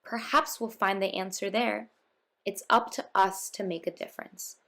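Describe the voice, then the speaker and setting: A woman voicing a kind, hopeful male court jester in a storybook reading, gentle and coaxing. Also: medium pitch, steady tone, normal speed.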